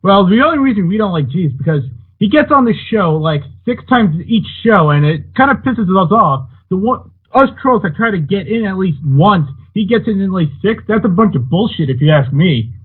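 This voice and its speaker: A man's voice: high-pitched, expressive, moderate pace, slightly rough. A man calling in to a radio show who hesitates often and complains. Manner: hesitant, full of fillers. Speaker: caller. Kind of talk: call-in radio chat. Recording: tinny phone line.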